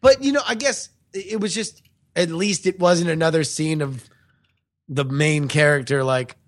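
A man co-hosting a casual movie review chat, halting, with lots of fillers. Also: on the high side. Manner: halting, lots of "like", acts out quotes. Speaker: podcast co-host.

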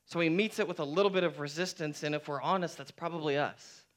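A man's voice: fairly high pitch, fast, a bit bright. A man preaching a sermon to his church in a conversational way, often repeating phrases for emphasis. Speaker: pastor.

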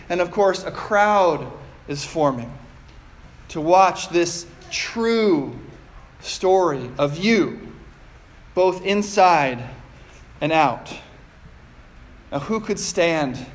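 A high-pitched man preaches a sermon as pastor, measured and deliberate, frequently putting rhetorical questions to the congregation.

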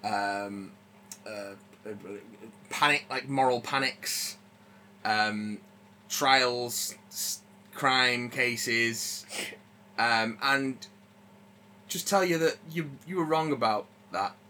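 A man on a podcast talks in a bright, forceful voice, rambling through recommendations with plenty of fillers and restarts. His delivery is loose and conversational. A faint hum sits under the recording. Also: mid-range voice, very slow, long pauses. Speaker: podcast co-host. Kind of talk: casual chat.

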